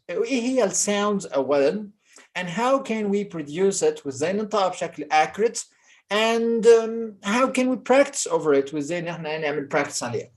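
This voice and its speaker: A pronunciation teacher with an Egyptian accent, giving a recorded lesson and explaining each point in English and then again in Arabic. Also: medium pitch.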